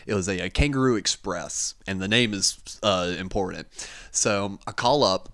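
A man's voice: deep voice, normal speed, fairly bright tone, no room sound. A man telling a prank call story on a dry studio mic. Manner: laughing, acts out callers' voices. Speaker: radio show host. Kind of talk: casual storytelling chat. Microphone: studio microphone.

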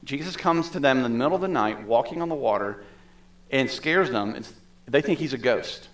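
Male pastor, mid-pitch voice, relaxed conversational sermon delivery with asides. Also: moderate pace.

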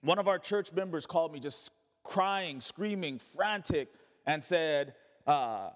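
A man's voice: a little high, lively intonation, slow, long reverb tail. A male pastor preaching a sermon, asking rhetorical questions and calling on the congregation to repeat words back.

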